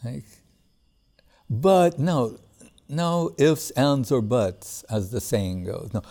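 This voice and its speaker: A man giving a casual spiritual talk. He speaks in a relaxed, conversational way, chuckles often, and recites Sanskrit verses between plain remarks. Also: mid-range voice, slow, vocal fry, long pauses. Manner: relaxed and conversational, with frequent "like" and "you know". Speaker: spiritual teacher.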